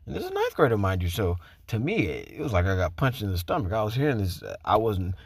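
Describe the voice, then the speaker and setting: A man who works as a teacher, telling a story casually, with profanity and animated quoted voices. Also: lowish voice, quick pace, husky, no room sound.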